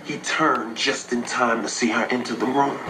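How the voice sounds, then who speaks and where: A man in a film clip reading romantic prose slowly and smoothly. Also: medium pitch, fairly even intonation, far from the mic. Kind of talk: film dialogue. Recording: noisy film clip audio.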